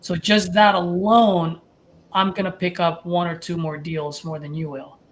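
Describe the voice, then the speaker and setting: A man coaching a trainee, animated and casual, talking through sales feedback. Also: high-pitched, unhurried. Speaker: wholesaling coach and host.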